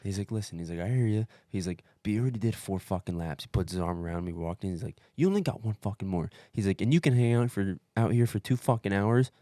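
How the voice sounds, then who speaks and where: A podcast co-host recounts his race in a lowish voice, talking fast with hardly any pauses. The telling is profane and animated, peppered with "dude" and "bro," and he acts out others' lines. The recording is dry with clean studio sound.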